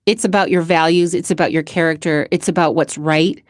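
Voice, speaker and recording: A woman's voice: low-pitched, fairly even intonation, a little fast, dry recording, studio quality. A woman hosting her own channel, talking earnestly through a personal motivational monologue, repeating phrases for emphasis. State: close to tears at times. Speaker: channel host.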